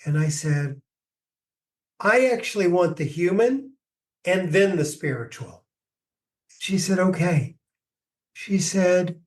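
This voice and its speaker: A man, a grief expert, answering podcast questions with slow, reflective stories. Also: high voice, animated, far from the mic. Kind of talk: podcast interview, storytelling answers.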